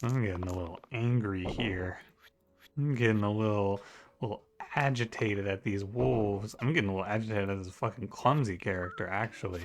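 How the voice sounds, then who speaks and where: A video game streamer casually comments on his own run, talking to the characters and breaking into exasperated outbursts at bad luck. His voice is on the low side at a moderate pace, with faint music in the background.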